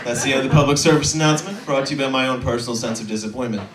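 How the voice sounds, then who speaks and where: A man's voice: mid-range voice, steady tone, a crowd in the background. Rambling young man doing stand-up, roomy and distant. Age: 20s. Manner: rambling, self-deprecating, halting with fillers. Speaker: stand-up comedian. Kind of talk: stand-up set.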